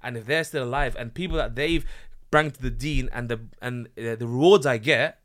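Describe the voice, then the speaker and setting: A man who is a business founder and guest on a podcast, talking in a fervent, animated way and restarting his sentences often. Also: mid-range voice, moderate pace. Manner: animated and fervent, many restarts, rising sharply when excited. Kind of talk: casual podcast conversation.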